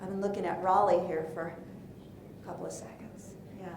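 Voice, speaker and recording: A woman giving a lively, playful workshop talk in a conference room, asking the audience questions as she coaches. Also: on the low side, brisk, roomy sound, background noise. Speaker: presentation coach.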